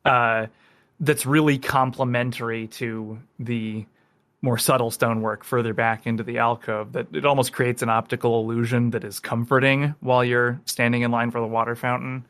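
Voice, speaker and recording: A man's voice: medium pitch, flat delivery, normal speed, fairly bright tone, no echo. A man playing a tabletop game, describing his actions in a rambling, hesitant way that stumbles over words. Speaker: player. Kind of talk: tabletop role-play.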